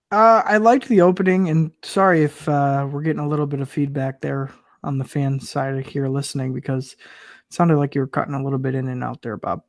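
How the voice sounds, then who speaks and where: A man's voice: medium pitch, fairly even intonation, a little fast, dry recording, clean studio sound. A man co-hosting a podcast in casual chat, laid-back and joking, with lots of agreeing and filler. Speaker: podcast co-host. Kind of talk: casual chat recapping wrestling.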